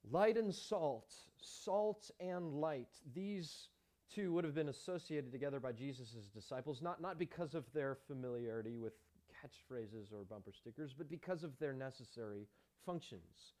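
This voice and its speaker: A man's voice: medium pitch, expressive, moderate pace, a little mellow. A man preaching a sermon as pastor, emphatic, with rhetorical questions and chatty asides to the congregation.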